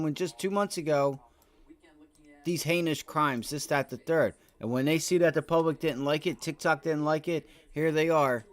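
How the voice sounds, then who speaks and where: On a stock trading livestream, a man with a voice on the high side comments on his trades at a moderate pace. He rambles, gets excitable and swears often.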